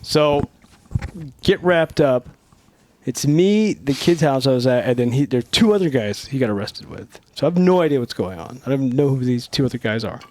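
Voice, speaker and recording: A man from Northern California, a podcast guest telling a story in a casual, profane, animated way. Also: mid-range voice, normal speed. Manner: profane, animated, acts out dialogue.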